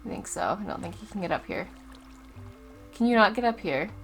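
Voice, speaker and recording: A woman's voice: mid-range voice, sing-song, a little fast, soft background music. A young woman casually commenting on her gameplay as a Let's Play host, chatty and easily distracted. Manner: chatty, easily distracted, loud startled outbursts.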